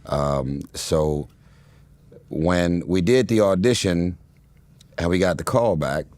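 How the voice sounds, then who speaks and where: Deep-voiced man telling stories, fillers. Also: slow pace, a little mellow, no echo. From Los Angeles, United States. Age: 40s. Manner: rambling, laughs often, frequent fillers and restarts. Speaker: guest. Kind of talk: casual interview storytelling.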